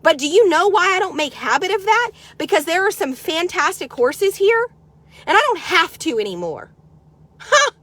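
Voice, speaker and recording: A middle-aged woman from the United States, ranting sarcastically in a vlog and swearing constantly, swinging from loud outbursts to low mutters. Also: very animated, normal speed. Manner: heavy swearing, sarcastic, combative. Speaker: horse trader vlogger.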